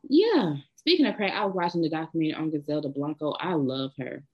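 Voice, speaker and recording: A woman's voice: low voice, expressive, quick pace, highs cut off. A woman with a Southern US accent, co-hosting a casual chat and telling bold, blunt stories. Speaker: podcast co-host.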